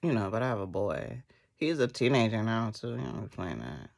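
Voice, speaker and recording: A woman's voice: very deep voice, sing-song, brisk, vocal fry, a little mellow. A woman in her thirties chatting casually while doing her makeup, telling stories animatedly and laughing often. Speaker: beauty vlogger. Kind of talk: casual storytelling chat.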